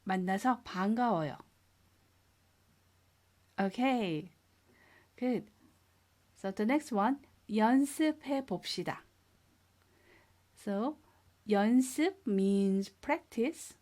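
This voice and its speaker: A woman teaching a beginner language lesson, speaking slowly and clearly, repeating each word and praising the learners. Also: on the high side, expressive, warm tone. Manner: patient, drills words twice and praises learners. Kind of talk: slow, clear classroom instruction.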